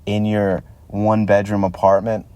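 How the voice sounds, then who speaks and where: A man's voice: fairly low pitch, completely flat delivery, normal speed, darkish tone. A man in his thirties hosting a solo comedy podcast, ranting sarcastically and swearing freely from a laundromat. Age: 30s. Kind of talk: solo stand-up style rant.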